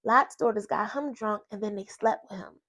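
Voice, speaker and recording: A woman's voice: mid-range voice, moderate pace, a bit bright. Woman, faith vlogger; folksy, chatty Bible talk with asides, close personal mic. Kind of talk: casual Bible study chat. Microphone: personal microphone.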